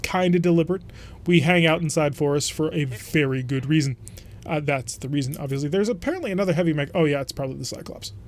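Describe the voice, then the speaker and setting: A man's voice: fairly high pitch, fast talker, slight background noise. A man hosting a let's play, chatting casually and thinking aloud as he plays a strategy game. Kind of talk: casual gameplay commentary.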